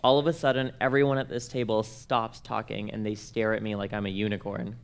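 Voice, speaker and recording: A man's voice: lowish voice, level tone, a little fast, gravelly, clean tone. A young man, speaking at a workshop and telling comic personal stories in a playful, self-mocking way, acting out the dialogue.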